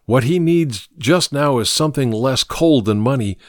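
A man voicing a kindly, burly doctor who speaks earnestly and gently. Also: mid-range voice, animated, normal speed, dry recording, clean studio sound, lightly acted. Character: kindly burly doctor, grave and warm-hearted.

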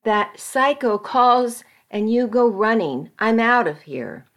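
A woman's voice: a little high, expressive, slow, a bit bright, exaggerated voice. A woman reading as an angry, controlling husband. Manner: harsh, scolding.

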